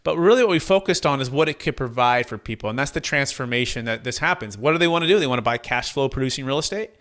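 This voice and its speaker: A man telling a client story in an interview, lively, acting out the voices of the people he quotes. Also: mid-range voice, fast talker. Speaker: guest, tax deferral advisor.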